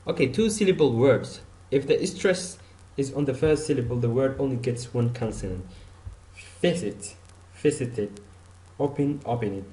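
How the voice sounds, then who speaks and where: A man's voice: mid-range voice, fairly quick, mellow, roomy sound. A man teaching an online English grammar lesson, repeating example words and saying "okay" often.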